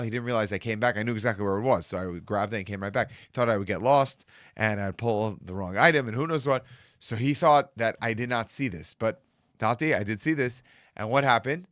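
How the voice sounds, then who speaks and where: A man's voice: mid-range voice, a bit bright, dry recording, clean studio sound. A man, a rabbi telling a story and acting out the voices of the people in it. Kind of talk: storytelling talk. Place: studio.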